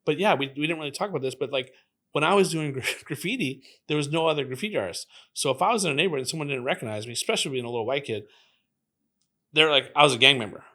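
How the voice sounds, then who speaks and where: Animated storytelling man in his fifties. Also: on the high side, very fast. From Los Angeles, US. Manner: animated storyteller who acts out the voices of people in his stories. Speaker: guest graffiti artist. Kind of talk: casual storytelling interview.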